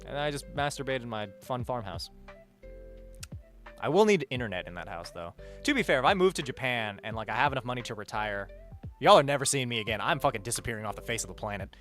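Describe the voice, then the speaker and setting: Animated, rambling male streamer. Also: fast talker. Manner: rambling, swears a lot, animated swings in pitch and loudness. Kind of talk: casual livestream chat reading donations. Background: faint music.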